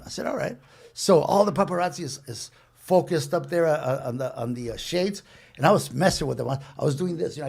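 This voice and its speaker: Gravelly, husky man telling stories. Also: on the high side. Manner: rambling anecdotes with frequent restarts and Spanish slang. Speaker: guest storyteller. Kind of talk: casual podcast storytelling.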